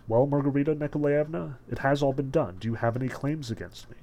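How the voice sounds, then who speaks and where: A man reading aloud the lines of a commanding, mocking male devil in a low, measured voice. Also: mellow, lightly acted. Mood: cool, wry.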